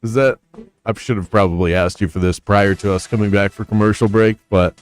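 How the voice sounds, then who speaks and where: A man's voice: fairly low pitch, steady tone, a little fast, clean tone, soft background music. A man hosting a sports radio show, opinionated and wry, wandering off into stories. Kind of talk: sports talk radio banter. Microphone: studio microphone.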